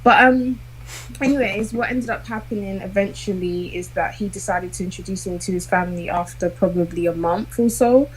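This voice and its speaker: A woman's voice: medium pitch, moderate pace, husky, low-quality recording. A young woman telling a personal dating story in casual chat, hesitant and full of fillers. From South London. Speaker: guest.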